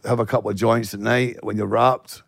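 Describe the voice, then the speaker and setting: Man, Glasgow accent, gravelly voice, dry close mic, sweary storytelling. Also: fairly low pitch, level tone, moderate pace, no echo. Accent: Scottish, Glasgow. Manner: swears a lot, blunt storytelling. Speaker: guest actor. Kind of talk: casual podcast chat.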